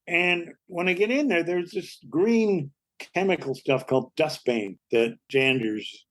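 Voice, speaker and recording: An older man tells stories as a guest on an interview, in a voice set a little high for a man. He bounces through his anecdotes and slips into the voices of the people he quotes. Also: moderate pace, few pauses. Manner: lively anecdotal storytelling, acts out quoted voices. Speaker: comedy actor and writer, guest. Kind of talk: storytelling interview.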